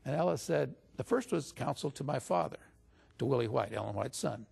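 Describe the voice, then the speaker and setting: A man's voice: medium pitch, expressive, a little fast, creaky, darkish tone, husky. A man as an interview guest, telling a story in a casual way and lifting his voice when he quotes other people. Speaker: interview guest recounting stories.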